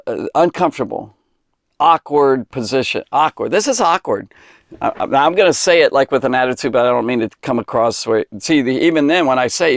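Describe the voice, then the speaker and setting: A man's voice: fairly high pitch, gravelly, no echo, studio quality. A man giving an earnest Bible teaching, impassioned and rambling, with many restarts and fillers.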